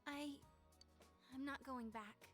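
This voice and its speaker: A woman's voice: high-pitched, slow, fairly bright tone, soft background music. An actress voicing a fragile young female idol who is crying. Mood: subdued. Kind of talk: game voice acting.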